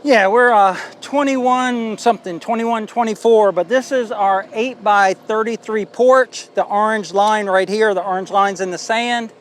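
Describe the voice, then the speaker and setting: A man's voice: high-pitched, steady tone, measured pace, few pauses, fairly bright tone, slight background noise. A man vlogging outdoors at a building site, talking in a folksy, rambling way with plenty of fillers. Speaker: homestead vlogger. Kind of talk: casual vlog walkthrough.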